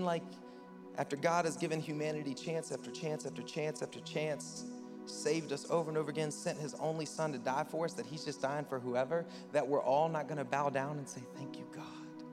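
Animated preacher in a reverberant hall. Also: male voice, on the high side, brisk. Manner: animated preaching, voice rising loud then dropping quiet. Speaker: pastor. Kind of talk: sermon. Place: church sanctuary. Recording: large hall with long reverb, soft music behind.

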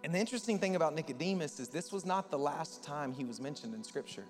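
Male pastor, fairly high voice, dynamic sermon delivery, long hall reverb. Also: quick pace. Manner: animated preaching, voice rising loud then dropping quiet. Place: church sanctuary. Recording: large hall with long reverb, soft music behind.

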